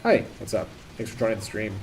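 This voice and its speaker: A man's voice: lowish voice, very animated, fast, darkish tone, a little hiss or hum. A man commentating casually while streaming a shooter game, rambling and joking at his own play. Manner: rambling, self-deprecating, talks over the action. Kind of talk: live gameplay commentary.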